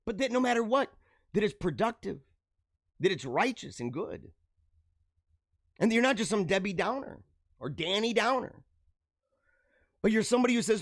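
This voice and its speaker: A high-pitched man hosts a live show, giving an exuberant, preachy pep talk with frequent laughs. The sound is dry and close, with no room around it. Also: big pitch swings, normal speed, long pauses, no room sound. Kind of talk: motivational monologue.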